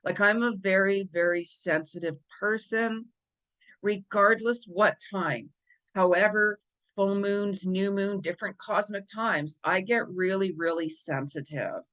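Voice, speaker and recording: A woman's voice: mid-range voice, unhurried, a bit bright, low-quality recording. Earnest woman giving spiritual advice. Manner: earnest, repetitive, coaching. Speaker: psychic and life coach. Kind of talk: astrology talk to viewers.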